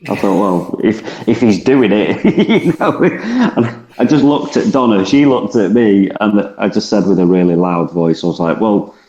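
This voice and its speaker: Man, low voice, casual podcast co-host, roomy lo-fi sound. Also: animated, a little slow, hardly any pauses, warm tone. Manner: laughs often, storytelling. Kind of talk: casual chat.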